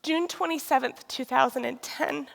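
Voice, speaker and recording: A woman tells a confessional personal testimony, often pausing and restarting. Her voice sits a little high and has a gravelly edge. The long reverb of a large hall trails behind her. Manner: candid and confessional, with frequent pauses and restarts. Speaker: speaker sharing a personal testimony.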